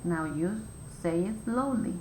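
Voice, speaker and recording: A woman teacher walks young children through a phonics lesson at an unhurried pace, spelling out each step with patient care. Her mid-range voice bounces around an echoey room, and a faint rumble sits underneath. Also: lively intonation, mellow. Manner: slow, clear, patient step-by-step instructions.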